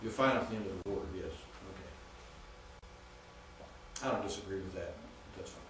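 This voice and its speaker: A male professor giving a classroom lecture, patiently spelling out Greek sounds and repeating words slowly. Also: low-pitched. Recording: echoey classroom from far off with faint noise.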